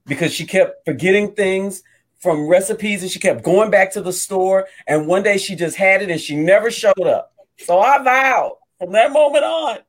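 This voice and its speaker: A man's voice: big pitch swings, moderate pace. A man doing a breezy, deflecting wife. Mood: defensive. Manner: sing-song, deflecting, swooping pitch. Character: breezy wife who orders takeout, not cook. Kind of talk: improvised comedy sketch.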